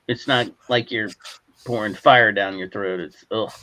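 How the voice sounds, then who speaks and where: A man chatting casually with friends in an online hangout, relaxed and easygoing. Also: fairly low pitch, a little slow. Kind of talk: casual group chat.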